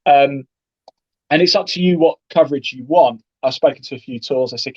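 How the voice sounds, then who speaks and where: A man's voice: mid-range voice, a little fast, husky, dry recording, muffled recording. A man, a golf broadcaster, chatting as an interview guest and acting out what he would say to players. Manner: chatty, animated storytelling with acted-out quotes. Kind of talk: casual interview talk.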